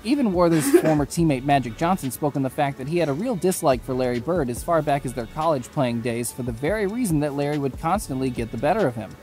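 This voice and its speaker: A man reading scripted sports documentary narration in a steady, even way. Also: fairly high pitch, fast talker, few pauses, soft background music.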